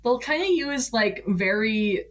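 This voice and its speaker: A woman appearing as a podcast guest in casual chat. She talks in a relaxed way, laughs often and uses many fillers. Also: on the high side, a little slow.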